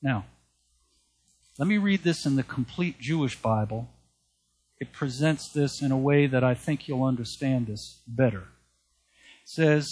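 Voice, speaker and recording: A male pastor delivers a sermon at an unhurried, deliberate pace. His voice has a husky, slightly breathy edge at a middling pitch. He repeats points for emphasis and reads scripture aloud between his remarks. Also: a little mellow. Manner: slow, earnest preaching with repeated emphasis and Bible readings.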